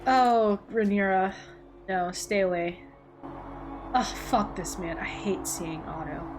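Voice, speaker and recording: Over background music, this reaction-video host speaks slowly in a mid-range voice with fairly even intonation. Her casual commentary is still blunt and emotional, aimed right at the screen, with lots of swearing, exclamations, and gasps.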